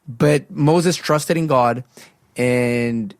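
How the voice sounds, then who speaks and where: A man hosting a faith radio breakfast show tells a Bible story in a casual way, full of fillers and restarts. He jumps up in pitch to act out each voice. His studio mic sounds dry and close. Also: drawn-out words, a little mellow, no echo.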